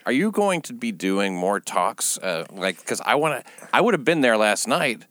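A man's voice: mid-range voice, big pitch swings, moderate pace, fairly bright tone, no echo. A man from the southern United States interviewing a guest in casual studio chat, laughing often and throwing in joking asides. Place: media studio.

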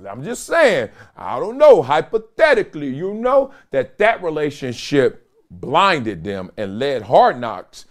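A middle-aged man hosting casual solo sports commentary, slangy and animated, laughing often and talking straight to his viewers. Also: medium pitch.

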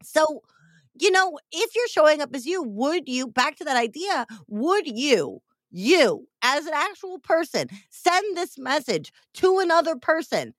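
A woman in her forties hosting a podcast, chatting casually and acting out quoted messages with animated storytelling. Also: high voice, measured pace, no room sound, studio quality. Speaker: podcast host. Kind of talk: casual chat.

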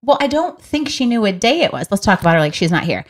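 A woman's voice: medium pitch, sing-song, quick pace, a crowd in the background. A woman co-hosting a casual chat among friends, telling stories with lots of laughter and quoted asides. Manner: chatty, laughing, quotes herself in bright voices. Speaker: podcast co-host.

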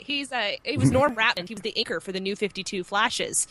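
A woman chatting on a fan panel, telling stories with lively jumps in pitch when she quotes people. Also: fairly quick, no room sound. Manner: animated storyteller, jumps high when quoting others. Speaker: guest panelist. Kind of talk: casual panel chat.

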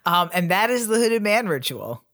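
A man co-hosting a relaxed comedy podcast. He reads the rules of a spooky ritual aloud in an even, matter-of-fact way and breaks off for wry asides and quick laughs. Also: sits high, no room sound, studio quality. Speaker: podcast co-host. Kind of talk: casual comedic podcast chat.

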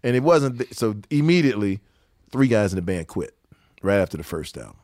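A man's voice: fairly low pitch, brisk, dry recording, studio quality. An older man, a musician, telling stories in a casual interview, quoting people and laughing often. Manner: animated storyteller, quotes people, laughs often.

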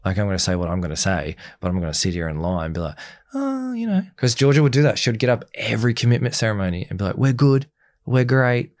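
A man's voice: sits low, very fast, few pauses, no room sound. A young man in a candid interview, speaking bluntly and acting out the things people said to him. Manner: blunt and animated, acting out quoted dialogue. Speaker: interview guest.

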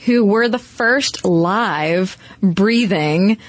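A woman's voice: medium pitch, drawn-out words, dry recording. Wry woman podcast host, dry close sound. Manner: wry, teasing asides. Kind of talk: casual conversational history chat.

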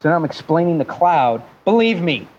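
A man guest telling an animated, joking business story with some profanity, now and then slipping into mimicked accents. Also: fairly high pitch, a little fast, lo-fi sound. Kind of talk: animated storytelling in a podcast interview.

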